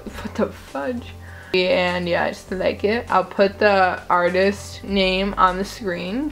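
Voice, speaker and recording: A young woman vlogging casually, goofy and chatty, often laughing at herself. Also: mid-range voice. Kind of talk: casual chat.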